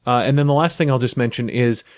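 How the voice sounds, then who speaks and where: A man co-hosting a podcast, chatting casually in a relaxed, enthusiastic way. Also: medium pitch, fast, no room sound, studio quality. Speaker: podcast co-host. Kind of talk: casual chat.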